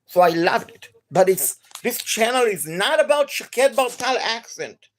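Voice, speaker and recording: A woman with an accent, an energetic and enthusiastic gaming streamer chatting live to viewers. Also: a little high, a little slow. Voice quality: non-native accent.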